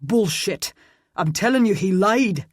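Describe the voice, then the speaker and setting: A man's voice: fairly high pitch, takes it slowly, a little mellow, no room sound, clean studio sound. A narrator voicing Roland, a furious male immortal swordsman born in medieval England, who roars and thunders his lines. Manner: roaring, thundering.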